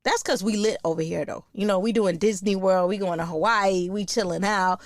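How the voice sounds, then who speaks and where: A woman, hosting a podcast in a blunt, profane, animated casual monologue. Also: medium pitch, a little fast, no echo, studio quality. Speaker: podcast host.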